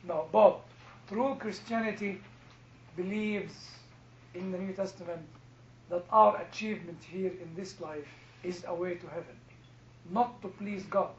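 A man's voice: high voice, measured pace, long pauses, slight background noise. A man with a first language other than English, talking in a casual group discussion and often repeating words as he starts a thought. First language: not English. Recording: echoey room, dull lo-fi sound.

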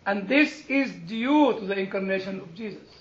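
Man, sermon, very high pitch, humorous storytelling, dull lo-fi recording. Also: normal speed. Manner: animated, humorous storytelling with quoted exchanges. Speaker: preacher.

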